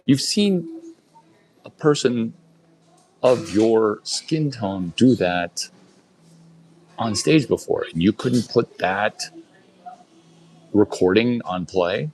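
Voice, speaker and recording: A man's voice: lowish voice, very animated, takes it slowly, long pauses, low-quality recording. A man doing crude, boastful stand-up on a club stage, rambling through a story and talking straight to the crowd. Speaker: open-mic performer.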